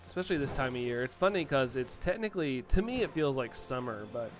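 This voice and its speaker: Very animated and fast, this medium-pitched American man chats casually on a live stream, responding out loud to viewer messages. He sounds a little sniffly from allergies, and there is slight hiss or hum.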